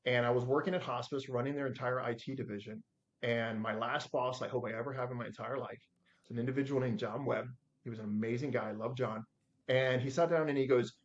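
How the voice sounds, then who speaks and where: A man's voice: medium pitch, quick pace. Guy in his 40s telling business stories, does the voices, kinda dull lo-fi sound. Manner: animated storyteller acting out his own quotes. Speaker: guest. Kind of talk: storytelling in a podcast interview.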